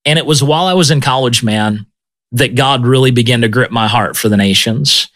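A man telling his personal testimony as a missionary in a lively, conversational way, often tossing in "man" and "okay?". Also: medium pitch, a little fast. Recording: music playing underneath.

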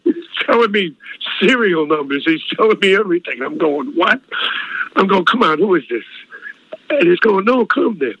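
A man's voice: high voice, fairly quick. An older man, a singer telling stories in an interview, acting out the dialogue and chuckling as he goes. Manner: animated storyteller acting out quoted dialogue, chuckling often. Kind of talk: storytelling interview. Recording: slightly dull dry radio audio.

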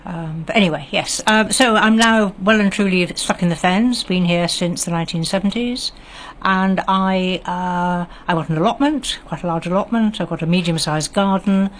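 Older english lady on local radio, lowish voice, chatty and self-mocking, posh southern accent, bit of hiss. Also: normal speed, few pauses. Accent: standard southern English. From West Country of England. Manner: warm, chatty, self-deprecating. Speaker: radio guest, garden club secretary. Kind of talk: radio chat. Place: radio studio.

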